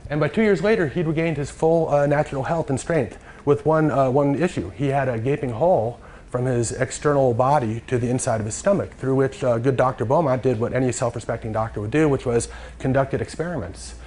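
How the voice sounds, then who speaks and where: A man giving a lecture from slides, halting and full of fillers and restarts. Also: mid-range voice, a little mellow, slight background noise.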